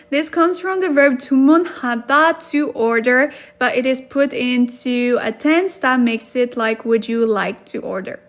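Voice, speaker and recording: Chatty high-voiced woman teaching live. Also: fairly bright tone. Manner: chatty, laughs often, reads out viewer comments. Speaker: livestream Korean tutor. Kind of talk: casual livestream lesson.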